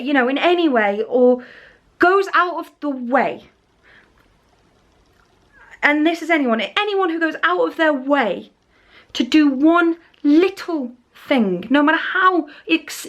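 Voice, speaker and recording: A young woman, talking straight to her viewers in a casual vlog. Her voice sits high, and she tells her story in a chatty, animated rush, breaking into nervous laughs and restarting her sentences. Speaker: vlogger.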